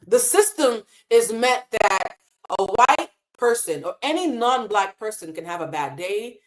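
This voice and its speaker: A woman's voice: mid-range voice, sing-song, a little slow. A woman hosting a live stream, talking in a casual, impassioned and emotional way and swearing freely. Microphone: desk mic in a hotel room.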